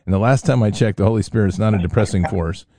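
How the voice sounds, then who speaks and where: Deep, mellow-voiced male host. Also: fast talker. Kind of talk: casual faith show hosting.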